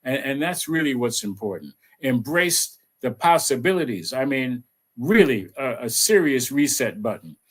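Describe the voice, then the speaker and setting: Slow, animated reverend man. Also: mid-range voice. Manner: slow, reflective, with repeated phrases and pauses. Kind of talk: spiritual talk with guided affirmations.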